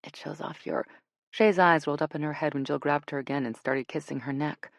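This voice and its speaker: Female audiobook narrator, relaxed and expressive, dry close sound. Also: low voice, fast, no echo. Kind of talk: scripted narration.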